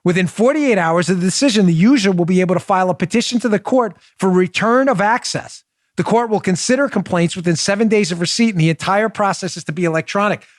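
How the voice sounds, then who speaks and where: A man hosting a political talk show, delivering an emphatic monologue that jumps from loud exclamations to low asides. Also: fast talker, dry recording, clean studio sound. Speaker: podcast host.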